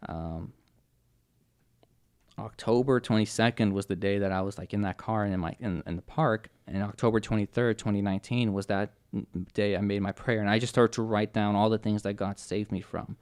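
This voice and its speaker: A young man telling his personal testimony as a podcast guest, earnest and halting, with many restarts and fillers. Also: on the low side, steady tone, darkish tone, clean tone.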